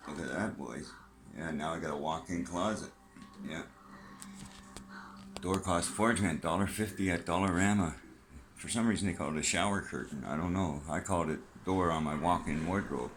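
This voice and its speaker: A man's voice: sits low, moderate pace, a bit bright, a little hiss or hum, low-quality recording. A middle-aged man rambling casually and profanely in a vlog from a small room at home, jumping from topic to topic. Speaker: vlogger.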